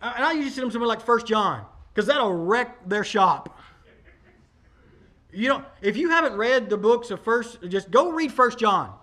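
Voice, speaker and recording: A man in his forties delivers a sermon with a high, carrying voice. He preaches conversationally, often turning to the congregation with direct asides. He leans hard on key lines for emphasis. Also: expressive, normal speed, pushed and bright. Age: 40s. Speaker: pastor.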